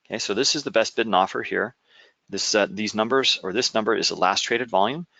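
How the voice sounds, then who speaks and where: A man explaining trading software in a screen-share walkthrough, with many "uh"s and "okay?" check-ins. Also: fairly low pitch, a little fast, creaky, dry recording.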